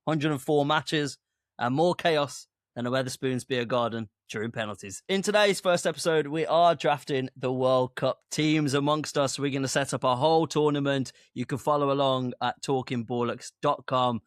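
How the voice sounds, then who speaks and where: A man's voice: mid-range voice, moderate pace, no room sound, clean studio sound. A man co-hosting a casual podcast, playful and laughing often. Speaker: podcast co-host.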